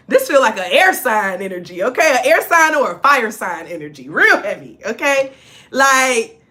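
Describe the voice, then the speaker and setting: A woman's voice: on the high side, sing-song, normal speed, pushed and bright. A woman giving a casual spiritual reading to her viewers, talking in a direct, emphatic, chatty way and often checking in with "okay?". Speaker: spiritual reader channeling ancestor messages.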